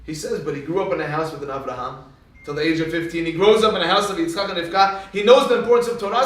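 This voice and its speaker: Male Torah teacher with a high voice, lively storyteller, far from the mic in a very reverberant room. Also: fast talker. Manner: animated, swings into sudden emphatic rises.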